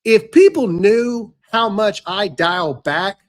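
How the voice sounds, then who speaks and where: Speaking slowly in a high-pitched voice, a male podcast host offers brash, sarcastic, ranting commentary. Partway through he does an ad read.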